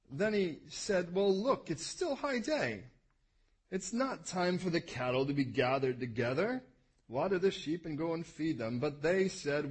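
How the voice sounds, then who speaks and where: A male preacher reading scripture aloud to a congregation in an animated way, adding asides and correcting himself as he goes. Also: a little high, breathy edge, rough recording.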